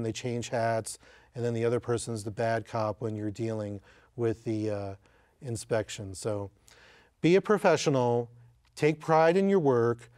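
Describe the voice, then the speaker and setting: A man's voice: mid-range voice, mellow, dry recording, studio quality. Conversational man giving career advice. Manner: conversational, frequent fillers. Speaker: real estate agent. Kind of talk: casual advice talk with anecdotes.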